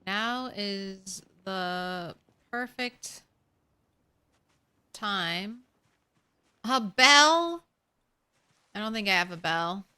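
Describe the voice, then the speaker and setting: A woman's voice: medium pitch, extremely slow, pauses often, bright, forceful tone, clear, resonant tone. A woman streamer chatting casually with her viewers while playing a game, rambling and talking to chat. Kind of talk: casual gameplay commentary.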